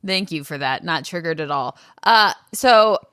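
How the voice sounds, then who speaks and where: A woman's voice: deep voice, expressive, unhurried, a bit bright, clear, resonant tone, no room sound, clean studio sound. A woman co-hosting a podcast, chatting casually and bluntly about a reality show, laughing often. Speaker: podcast co-host.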